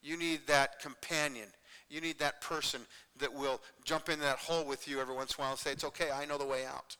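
A man preaching in an earnest, conversational way, often pausing to check in with his listeners. His voice sits a bit high and sounds bright and crisp. A long church-hall reverb trails behind his words. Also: steady tone. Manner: earnest, repetitive, conversational preaching with frequent "okay?" check-ins. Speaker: pastor. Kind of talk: sermon.

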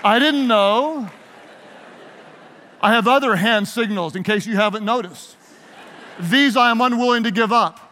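A man's voice: very high-pitched, sharp tone, a little hiss or hum. A man, a pastor, giving a leadership talk to a live audience, playful and emphatic, leading them in call-and-response. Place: large hall with an audience. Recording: long hall reverb.

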